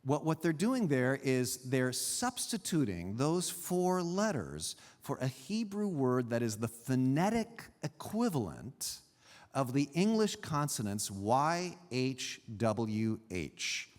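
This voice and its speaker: A man preaching a sermon as a pastor, teaching in an animated way with pauses and emphasis. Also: medium pitch, in a large hall. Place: church sanctuary.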